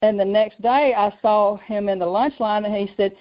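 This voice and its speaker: A woman hosting a faith radio show, telling her own story in a lively way and acting out the voices she quotes. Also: medium pitch, normal speed. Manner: lively, acts out quoted voices, laughs often. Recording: muffled lo-fi radio audio.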